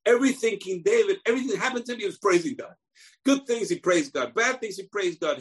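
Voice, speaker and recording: A man teaching a Torah class, emphatic, repeating key phrases and rising to shouts. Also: high-pitched, animated, quick pace, breathy edge, poor audio.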